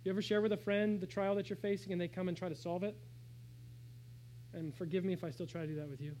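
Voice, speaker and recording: A man preaching a sermon, shifting between hushed, slow phrases and raised, emphatic calls. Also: high-pitched, steady tone, slight background noise, low-quality recording. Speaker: pastor.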